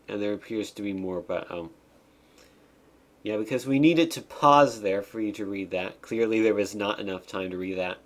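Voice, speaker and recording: A man streaming a game, giving casual commentary with wry, deadpan asides as he reads the game's text aloud. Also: fairly low pitch, moderate pace.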